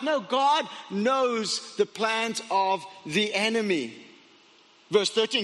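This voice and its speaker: A man's voice: very high voice, animated, slow, fairly bright tone, in a large hall. A man preaching a sermon, retelling a story with dramatic asides and stammered restarts. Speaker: pastor.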